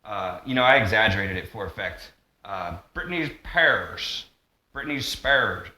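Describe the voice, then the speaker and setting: A man's voice: on the low side, moderate pace, sharp tone. A man rambling through a monologue vlog, jumping between tangents with lots of fillers and restarts. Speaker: vlogger. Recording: echoey room.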